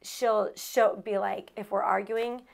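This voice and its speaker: A woman's voice: mid-range voice, fairly even intonation, takes it slowly, gravelly. A woman co-hosting a candid conversation about her marriage, emotional and earnest, laughing often and losing her train of thought. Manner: rambling with frequent restarts. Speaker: co-host sharing marriage story. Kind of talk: candid casual chat.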